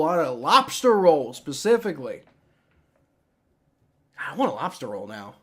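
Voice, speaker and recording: A man's voice: medium pitch, big pitch swings, moderate pace. A young man casually reacting on a live stream, rambling with many restarts and frequent swearing. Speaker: streamer reacting to a sports draft.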